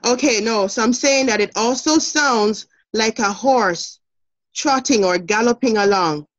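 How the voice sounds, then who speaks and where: Brisk, encouraging Jamaican woman teacher. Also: on the high side, dull audio. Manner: brisk, encouraging, laughs often. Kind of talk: online classroom lesson.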